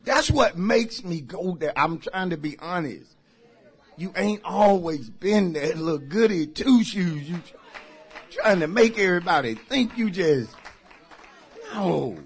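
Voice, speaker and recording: A male pastor preaching a sermon, shouting out points and laughing along with his congregation. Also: high-pitched, expressive, slow, breathy edge.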